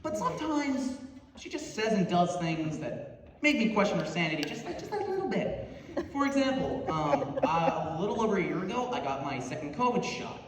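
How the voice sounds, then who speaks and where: A young man doing stand-up comedy, animated and rambling, laughing through his stories with many fillers. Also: sits high, moderate pace. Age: young adult. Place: theater stage before a live audience. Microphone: audience phone from far off. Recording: echoey hall from far off, audience noise.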